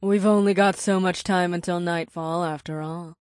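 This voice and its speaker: Guy doing a playful purring young woman, sing-songy and breathy-soft, high up, dry close audio. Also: fairly even intonation, normal speed, no echo, lightly acted. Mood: purring, teasing. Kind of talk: audiobook narration.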